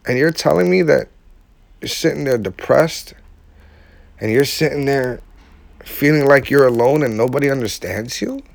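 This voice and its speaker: A man with an ordinary middle-pitched voice speaks to his viewers in a heartfelt, casual monologue. He uses loose, everyday slang and leans into emphatic repetition. The sound is close and dry, with no room around it. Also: moderate pace, gravelly, pauses often, dry recording. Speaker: vlogger speaking to his audience.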